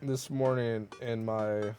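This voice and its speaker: A man's voice: mid-range voice, steady tone, takes it slowly, dark tone, faint music behind. A man casually commenting on a dating game he is playing, joking around and reading the game's messages aloud. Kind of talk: casual let's-play commentary.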